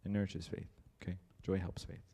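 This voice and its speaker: With a husky, low-pitched voice touched by vocal fry, a young man speaks a little fast at church. He tells a story animatedly, acting out each person he quotes.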